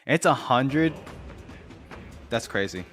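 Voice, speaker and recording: A man's voice: mid-range voice, lively intonation, slow pace, a bit bright, faint music behind. A man streaming a game, chatting casually, reading on-screen text aloud and musing as he plays. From United States. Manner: muses aloud, reads game text and trails off. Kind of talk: casual gameplay commentary.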